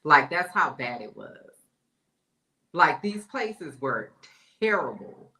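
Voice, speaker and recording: A woman panelist in a casual gossip chat, telling long stories in relaxed, informal speech. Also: deep voice, slow, roomy sound. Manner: storytelling, informal dialect. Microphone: remote call.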